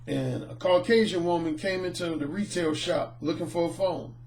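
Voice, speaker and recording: Man with a high voice, middle-aged, dating coach, lively storytelling monologue. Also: normal speed, creaky, slight background noise. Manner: animated, acts out the people in his anecdotes.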